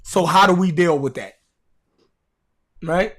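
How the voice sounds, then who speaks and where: A man's voice: sits high, slow, fairly bright tone. A man with a Baltimore accent hosting a podcast, talking casually and bluntly to his live chat, cursing and repeating himself for emphasis. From Baltimore, USA. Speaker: podcast host. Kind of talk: casual livestream talk to a chat.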